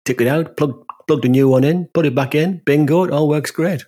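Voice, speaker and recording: A man's voice: on the high side, warm tone. A man with a northern English accent, telling stories in casual chat as podcast co-host. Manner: rambling storyteller, quick to laugh.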